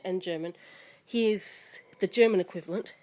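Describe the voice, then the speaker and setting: A woman's voice: fairly low pitch, normal speed, mellow. Chatty woman showing kids' books. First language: English. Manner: chatty, rambling, many fillers and restarts. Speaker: parent showing children's books. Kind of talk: casual show-and-tell chat. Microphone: camera mic.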